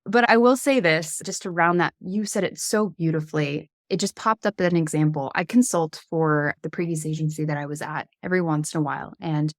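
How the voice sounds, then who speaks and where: A woman who is a guest on a podcast, telling work stories in an animated, casual way and acting out the other people's lines. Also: low-pitched, a little fast, few pauses, no room sound, studio quality. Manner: animated storyteller, acts out dialogue. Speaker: podcast guest, agency founder. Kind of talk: casual conversational interview.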